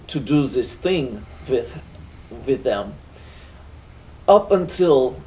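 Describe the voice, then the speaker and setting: A man recapping a tabletop game session, giving unhurried, appreciative comments, in a distant, dull lo-fi recording. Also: mid-range voice. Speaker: podcast co-host.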